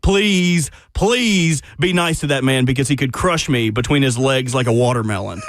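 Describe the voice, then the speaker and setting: A man's voice: mid-range voice, moderate pace, a little hiss or hum. A man co-hosting a sports radio show, telling stories with lots of laughs. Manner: animated storytelling, laughs often, drops into voices. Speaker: radio co-host. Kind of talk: casual sports radio banter. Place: radio studio.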